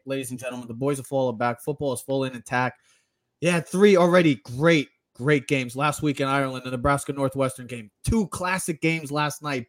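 Excitable man hosting a sports podcast. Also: a little high. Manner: excited, quick, rambling. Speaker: podcast co-host. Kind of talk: casual sports talk.

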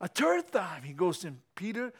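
A man preaching a sermon. He laughs often and swings from low storytelling to loud shouting exhortation. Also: animated, a little slow.

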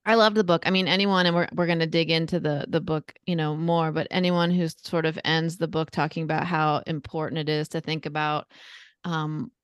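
Smooth low-voiced woman podcast host. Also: level tone, brisk, dry recording, studio quality. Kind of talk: casual podcast book discussion.

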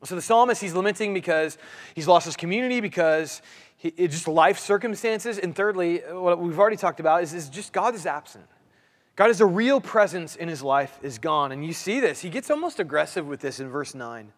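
High-voiced male preacher in echoing hall. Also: animated, a little fast. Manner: earnest preaching, repeats phrases, voice rises and drops. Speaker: pastor. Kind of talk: sermon.

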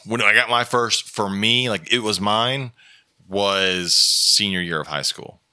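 A man's voice: fairly low pitch, unhurried, sharp tone, clear, resonant tone, no room sound, clean studio sound. A man co-hosting a podcast in casual chat, blunt and teasing, swearing freely. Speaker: podcast co-host.

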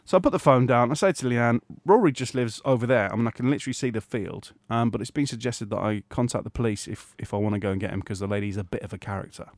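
A middle-aged man, co-hosting a podcast and telling an animated anecdote, often laughing and acting out other people's voices. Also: mid-range voice, fast talker, hardly any pauses, no room sound, studio quality. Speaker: podcast co-host. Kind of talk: casual storytelling chat.

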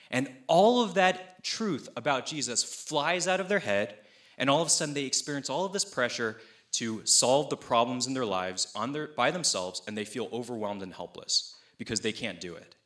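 Bright-voiced young man preaching casually. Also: medium pitch. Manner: conversational, animated storytelling with playful asides; acts out voices of people he quotes. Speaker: pastor. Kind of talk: sermon.

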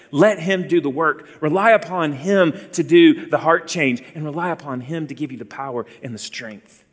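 A man's voice: on the high side, in a large hall. A man in his forties preaching an earnest sermon, calling his listeners beloved.

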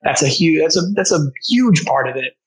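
A man's voice: on the high side, big pitch swings, brisk, husky, poor audio. A man speaking as a guest language teacher, telling a story in casual conversation with enthusiasm and frequent restarts. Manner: enthusiastic, many restarts, acts out quoted voices.

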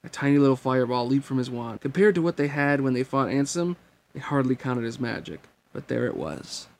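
A man's voice: mid-range voice, expressive, brisk, creaky, a little mellow. A man narrating a novel chapter as an amateur audiobook reading, in plain storytelling. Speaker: reader.

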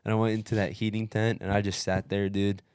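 A man's voice: lowish voice, little pitch movement, fast talker, a little mellow, clear, resonant tone, no echo, studio quality. A man telling a long race story in casual podcast chat, blunt and emphatic, swearing constantly. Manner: blunt, heavily profane, emphatic. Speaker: podcast co-host recounting a race.

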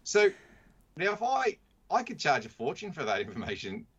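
A man's voice: a little high, huge pitch swings, normal speed, husky. A man, a mindset consultant, telling a story in casual conversation and acting out the quotes in a raised voice. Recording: dull lo-fi sound.

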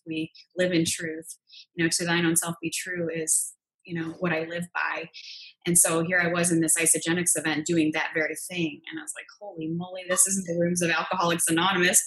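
A woman speaks as an interview guest, sharing her own story in an earnest, confessional way. Her voice sits fairly low, and she keeps a narrow, even pitch as she talks. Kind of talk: candid personal storytelling.

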